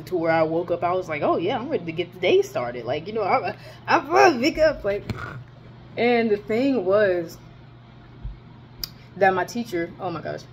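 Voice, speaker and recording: A young college-age woman rants straight to her camera, swearing and piling on emphasis as she talks. Her voice sits slightly low for a woman, and a soft background hum runs underneath her. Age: young adult. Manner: animated, profane, emphatic storytelling. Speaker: college student vlogger. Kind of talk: casual ranting vlog.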